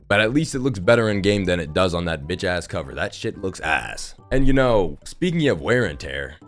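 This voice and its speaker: A young man giving casual, sarcastic spoken commentary, who swears freely while riffing on his opinions. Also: fairly low pitch. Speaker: gaming video creator.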